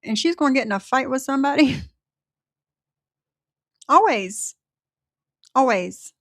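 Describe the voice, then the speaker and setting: Wry higher-voiced woman reading chat. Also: expressive, slow pace, dry recording, studio quality. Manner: wry, sarcastic, answering viewers by name. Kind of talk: casual livestream chat.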